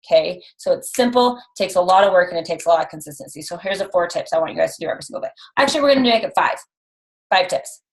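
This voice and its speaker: A woman's voice: lowish voice, lively intonation, fast talker, poor audio. Chatty upbeat young woman coach. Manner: chatty, upbeat, lots of likes and ums. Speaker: coach trainer. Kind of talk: motivational call to a sales team.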